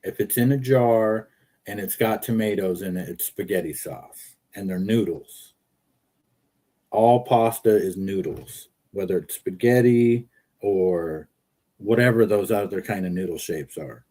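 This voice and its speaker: A man's voice: on the low side, unhurried, warm tone. A man hosting a casual livestream from his car, rambling and joking as he reads viewer comments aloud. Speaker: livestream host.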